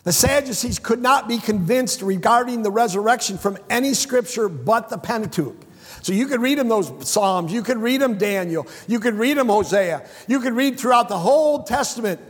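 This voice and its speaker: Male preacher, husky, high voice, emphatic sermon delivery in a hall with long echo. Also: expressive, moderate pace. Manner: emphatic, swings between hushed and shouted; repeats phrases for stress. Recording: echoey hall with long reverb.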